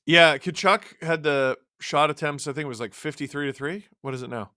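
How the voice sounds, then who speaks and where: A man hosts a live stream, calling a hockey game casually and reacting to it as it unfolds. His bright, pushed-forward voice has deepened from long hours of talking. The sound is close and dry. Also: brisk, no echo. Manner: chatty, reacting to the game and chat as it happens. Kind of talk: casual live play-by-play and chat.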